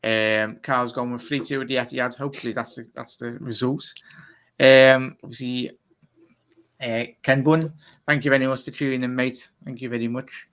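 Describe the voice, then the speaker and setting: A man hosting a fan live stream, talking fast and giving chatty shout-outs. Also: mid-range voice, little pitch movement. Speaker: fan channel host. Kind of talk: live stream sign-off chat.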